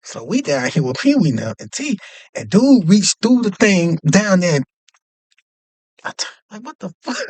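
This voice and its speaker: A young man casually telling a long, animated story, jumping up in pitch whenever he acts out other people's lines. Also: a little slow, dry recording. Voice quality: animated, acts out quoted voices with jumps in pitch. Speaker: podcast host.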